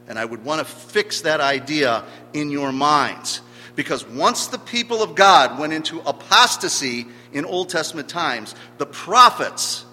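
A man's voice: a little high, bright, forceful tone. A man preaching a sermon, emphatic, stressing key words by swelling in volume. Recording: long hall reverb with faint hum.

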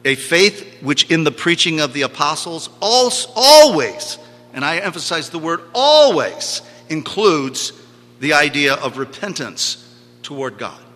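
A male preacher with a very bright, ringing voice pitched a little high, speaking in a big hall where his words hang in a long reverb. He teaches insistently, repeating phrases and pressing his listeners to pay close attention. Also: moderate pace. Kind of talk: sermon.

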